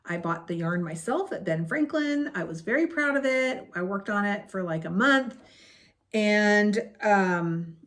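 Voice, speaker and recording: A woman's voice: mid-range voice, animated, measured pace. A woman in her late fifties telling a personal story in a rambling, chatty way on her crafting vlog. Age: 50s. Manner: rambling, chatty, with many fillers and asides. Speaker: crochet vlogger. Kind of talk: casual storytelling chat.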